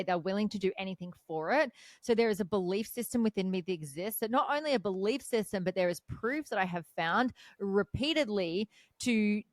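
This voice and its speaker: A woman hosts a podcast conversation, speaking frankly and with animated storytelling. Her voice sits at a middle pitch, recorded close and dry with no room sound. The talk is casual and direct. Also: no echo. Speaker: podcast host. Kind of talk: casual interview chat.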